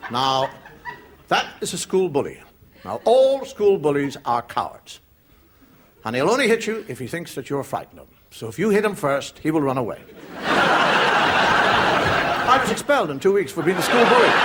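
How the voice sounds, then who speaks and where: Irish male comic, high lively voice, wry storyteller, faint hiss behind. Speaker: stand-up comedian. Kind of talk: stand-up comedy monologue.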